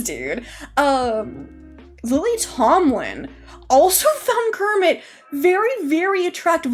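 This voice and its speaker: A woman streamer chatting casually, rambling and excitable, jumping from one thought to the next. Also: high voice. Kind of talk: casual live-stream chat.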